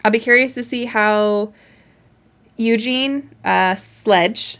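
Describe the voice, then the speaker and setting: A woman's voice: mid-range voice, fairly bright tone. A woman hosting a reaction video, talking casually in an earnest, emotional way and thinking aloud.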